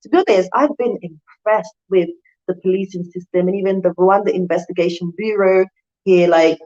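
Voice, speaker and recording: A woman's voice: lowish voice, fairly even intonation, moderate pace, mellow, highs cut off. A woman in her thirties, originally from the UK, chatting casually on a live stream, laughing often and reading out viewer comments. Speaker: vlogger hosting a live stream.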